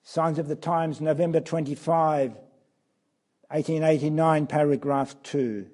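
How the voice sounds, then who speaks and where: A man preaching a sermon, reading scripture aloud, building to emphatic passages and dropping to hushed tones. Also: a little high, fairly even intonation, measured pace. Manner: drops to soft, hushed tones on key phrases.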